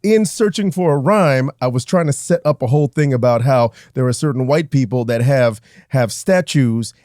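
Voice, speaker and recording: A man in casual comedic chat, playful and quick-witted, poking fun at himself. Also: mid-range voice, dark tone, dry recording, studio quality. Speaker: talk show guest and host voices. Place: studio couches.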